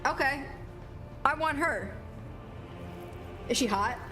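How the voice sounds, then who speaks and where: Slow and high-pitched, a young woman's voice carries casual let's-play commentary over background music. This gaming streamer is exasperated and profane, laughing as she plays.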